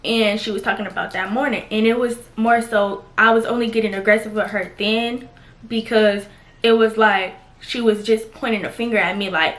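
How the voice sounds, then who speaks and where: Young woman, chatty vlog storytelling, animated, a bit high-pitched. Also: moderate pace. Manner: animated, conversational, reads messages aloud. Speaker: vlogger. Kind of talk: casual storytelling while getting ready.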